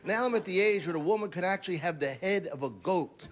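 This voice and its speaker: A man's voice: high voice, fast talker. A man doing a brash, rambling stand-up comedy set on a TV studio stage. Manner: brash, rambling, crude punchlines.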